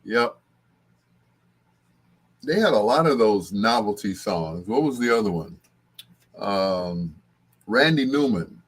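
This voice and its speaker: A man's voice: mid-range voice, big pitch swings, slow, pauses often, breathy edge. An older man hosting a late-night show, chatting casually and rambling with frequent chuckles. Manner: chuckling, rambling, bursts into sung snippets. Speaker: host.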